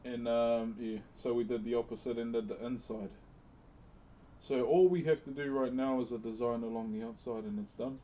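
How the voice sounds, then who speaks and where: A man's voice: medium pitch, steady tone, moderate pace, dark tone, a little hiss or hum. A man chatting casually on a live stream, thanking viewers by name and using Maori words. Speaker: live streamer and wood carver.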